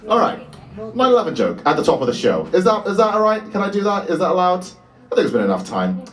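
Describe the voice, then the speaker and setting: A man's voice: sits high, huge pitch swings, quick pace, far from the mic. A man, doing a live stand-up set with a dry, self-mocking delivery. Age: 20s. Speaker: stand-up comedian. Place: small bar venue with live audience.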